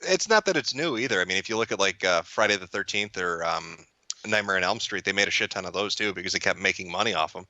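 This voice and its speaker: A man's voice: sits low, animated, quick pace, bright, forceful tone, dry recording. A man chatting casually as a guest, rambling and profane, stumbling through restarts and often laughing mid-sentence. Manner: amused, laughs while talking. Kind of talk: casual chat.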